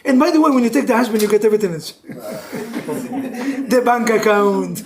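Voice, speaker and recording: A man, a rabbi, giving an animated and joking class to couples. He mixes Hebrew terms into non-native English and moves between loud outbursts and hushed intensity. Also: high voice, brisk, slight background noise. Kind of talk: lively religious class for couples.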